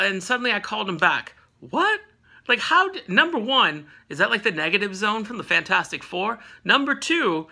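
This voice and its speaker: A man's voice: sits high, sharp tone. A man hosting a casual comic book recap, telling the story in a jokey, slangy way and acting out characters' lines as he goes.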